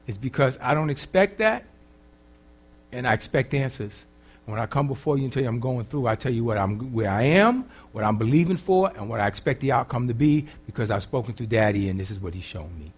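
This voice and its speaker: A man preaching as a pastor, swinging from loud emphatic lines to quiet, casual, humorous asides. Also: mid-range voice, lively intonation, brisk, slightly rough. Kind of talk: sermon.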